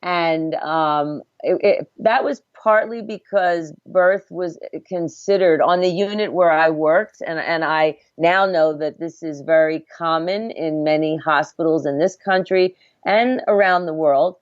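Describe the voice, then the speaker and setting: A middle-aged woman with a lowish voice speaks as a midwife guest in a podcast interview. She tells her story earnestly and reflectively, often stopping to restart her sentences. The audio is dry and a little dull and lo-fi. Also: unhurried, few pauses, no room sound. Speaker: midwife, former obstetric nurse.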